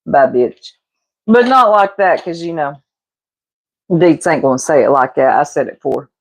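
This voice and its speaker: This livestreamer has a low voice and is very animated, speaking at normal speed as she cooks. She laughs, teases, and gossips with her chat, whom she calls "y'all."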